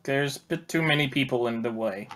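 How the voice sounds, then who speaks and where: A man at mid pitch runs a tabletop game as its dungeon master. He narrates in an easygoing way, chuckling often and swearing casually as he describes the action. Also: brisk, a bit bright.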